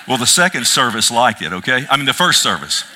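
A man's voice: medium pitch, a little fast, a little hiss or hum. A middle-aged man preaching a sermon, repeating words for emphasis and slipping in humorous asides. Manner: animated, repetitive emphasis with asides and self-deprecating humor. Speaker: pastor.

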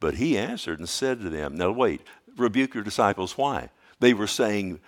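Lowish-voiced man preaching a sermon. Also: lively intonation, normal speed, few pauses. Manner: preaching, calls to the congregation with questions; swings between quiet explanation and loud emphatic stretches. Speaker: pastor.

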